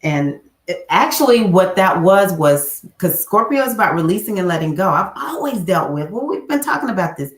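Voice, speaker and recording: A woman spiritual coach chatting casually on a livestream, jumping into a high squeal when she acts out her own quotes. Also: big pitch swings, moderate pace. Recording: echoey room.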